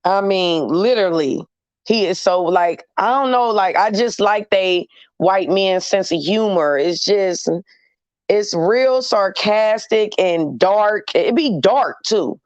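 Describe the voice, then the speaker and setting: A woman's voice: mid-range voice, slow, dry recording, muffled recording. A woman hosting a casual chat with her audience, talking in a blunt, candid and slangy way. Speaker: host talking to viewers.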